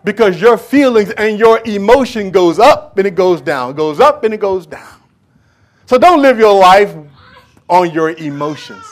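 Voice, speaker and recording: Preaching man with a fairly high voice. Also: animated, measured pace. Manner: dramatic preaching, swings from hushed to loud and back; acts out dialogue with Bible figures. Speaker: pastor. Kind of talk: sermon.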